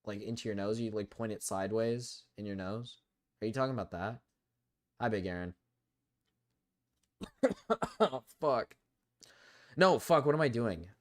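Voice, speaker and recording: A man's voice: on the low side, lively intonation, a little slow, pauses often. A young man with a cold, swearing and complaining in frustration as he commentates a live gaming stream. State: sick with a cold.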